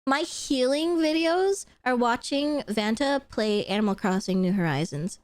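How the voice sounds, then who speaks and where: A young woman chats casually on a live stream, excitable and gushing, often laughing and swearing offhandedly. Her high voice swings widely in pitch at a measured pace, and the sound is dry and close with no echo.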